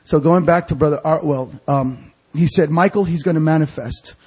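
A man preaching a storytelling sermon as an evangelist, animated and acting out the voices of people in his stories. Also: a little high, normal speed, slightly rough. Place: church sanctuary.

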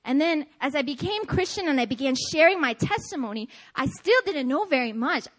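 A woman with a high voice preaches a testimony-style sermon. She speaks with energy and an emphatic, repeating cadence, and often breaks into laughter. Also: animated, a little fast, a bit bright. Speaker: speaker at a prayer meeting.

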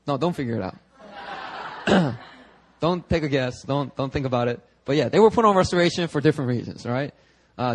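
A young man preaching from a church pulpit in a loose, chatty way, slightly higher-pitched than most men. He gets animated, breaks off into asides and restarts his sentences as he talks to the congregation. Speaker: pastor. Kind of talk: casual conversational sermon. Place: church sanctuary.

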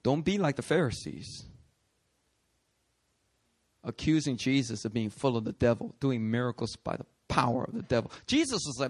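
A man preaching a sermon, animated and conversational, acting out voices in his stories. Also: mid-range voice, normal speed, long pauses, slightly rough. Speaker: pastor.

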